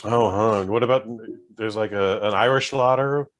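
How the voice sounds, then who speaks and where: A man co-hosting a podcast in casual chat, tossing out quick, playful replies. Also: fairly low pitch. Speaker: podcast co-host.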